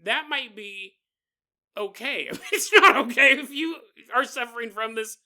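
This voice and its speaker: This podcast host has a very high, pushed, bright voice and speaks a little slowly but with plenty of animation. He tells a ghost story casually, as comedic narration full of jokey asides and digressions.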